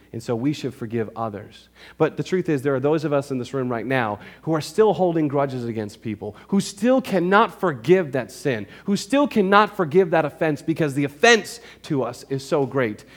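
A male pastor with a voice on the high side preaches to his congregation in church. His sermon is emphatic yet conversational, and he often checks in with his listeners.

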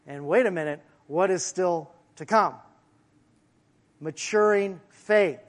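High-voiced male pastor preaching. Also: slow. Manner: conversational preaching with asides to the congregation and slide operator. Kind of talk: sermon.

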